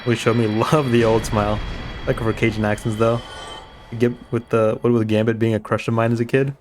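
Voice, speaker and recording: A man's voice: medium pitch, little pitch movement, brisk, noisy background. A man streaming a game, giving rambling, chatty commentary and swearing casually.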